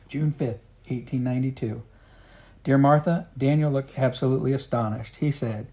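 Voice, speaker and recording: A man's voice: medium pitch, fairly even intonation, normal speed, creaky, mellow. A man narrating a storybook in an earnest first-person way. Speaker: audiobook reader.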